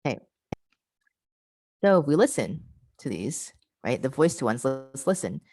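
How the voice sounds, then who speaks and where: A woman's voice: very deep voice, very animated, a little slow, a little mellow, rough recording. A woman presenting an online pronunciation workshop over a video call, patiently modelling and repeating example words and encouraging participants.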